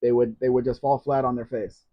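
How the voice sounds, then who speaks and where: A man's voice: mid-range voice, level tone, fairly quick. A man hosting a casual live question-and-answer stream, blunt and teasing, with opinionated asides. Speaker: livestream host. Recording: dull lo-fi stream audio.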